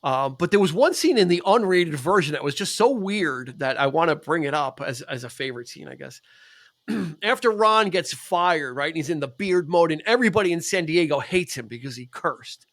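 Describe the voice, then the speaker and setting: A man's voice: a little high, normal speed. A man co-hosting a casual podcast chat, retelling movie scenes with laughter. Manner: animated, acts out movie quotes with laughter. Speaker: podcast co-host.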